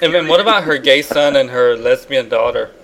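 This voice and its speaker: A man's voice: medium pitch, a little fast, crowd noise, rough recording. A man co-hosting a podcast, gossiping and joking crudely in casual chat. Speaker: podcast co-host.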